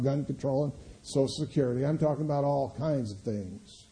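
A middle-aged man preaching a sermon as pastor, swinging between loud emphatic declarations and quiet low asides. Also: fairly quick, poor audio.

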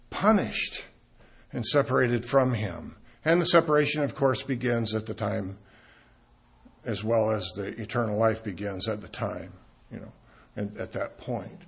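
A man's voice: mid-range voice, fairly bright tone, breathy edge. A man preaching a sermon as pastor, emphatic, rising and swelling on key points.

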